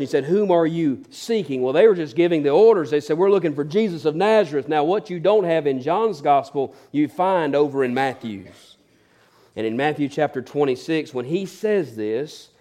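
A preacher delivering a sermon, swinging from loud emphatic peaks to hushed, near-whispered lines. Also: male voice, on the high side.

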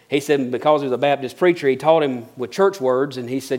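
A man's voice: medium pitch, fast talker, hardly any pauses, darkish tone. A middle-aged man preaching a sermon, mixing folksy storytelling with earnest, building emphasis. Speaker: pastor.

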